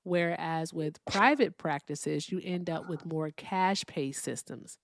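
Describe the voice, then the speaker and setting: A woman's voice: sits low, takes it slowly, vocal fry, no room sound, clean studio sound. A woman hosting a live call-in debate stream, chatting casually, thanking viewers by name and explaining things patiently.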